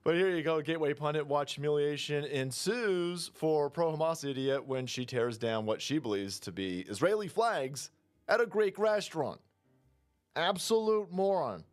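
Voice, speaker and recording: Here a man offers mocking, foul-mouthed political rants at a moderate pace, his voice expressive. He imitates the people he mocks using high voices.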